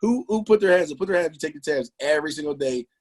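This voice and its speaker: A man leading a motivational sales training, emphatic and animated, throwing out rhetorical questions and slang. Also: a little high, rapid-fire. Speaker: business trainer presenting to a team.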